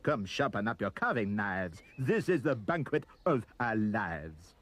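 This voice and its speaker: A man voicing a greedy, shouting mob with a French accent, gloating slowly in a storybook reading. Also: medium pitch, huge pitch swings, slightly rough, exaggerated voice.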